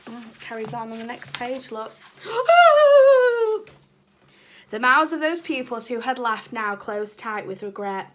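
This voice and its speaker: A woman's voice: a little high, moderate pace, hardly any pauses, sharp tone. A woman, a primary school teacher, reading a children's book aloud with chatty asides to the children.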